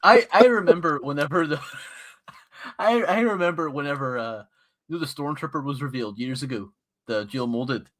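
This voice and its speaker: A man's voice: a little high, moderate pace, a bit bright. A man co-hosting a casual livestream, joking bluntly and laughing often. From United Kingdom.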